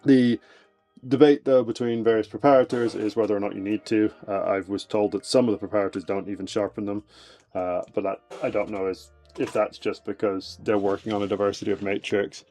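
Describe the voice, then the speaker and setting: A man's voice: on the low side, level tone, a little fast, warm tone, soft background music. A man casually explaining fossil preparation on a live stream from his shed, rambling with many fillers, his voice fading as he moves away from the desk mic. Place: home shed workshop. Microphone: desk mic, voice fades as he moves away.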